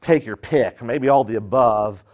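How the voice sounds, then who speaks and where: A man's voice: mid-range voice, a little slow, a little mellow. A middle-aged man preaching a sermon, emphatic, asking rhetorical questions and repeating lines for stress.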